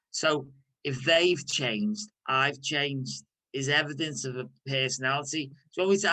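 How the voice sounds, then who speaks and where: Leading a recovery workshop, a Liverpool-accented man talks openly and conversationally, often restarting his sentences. His mid-range voice sounds pushed and bright, and the recording is rough.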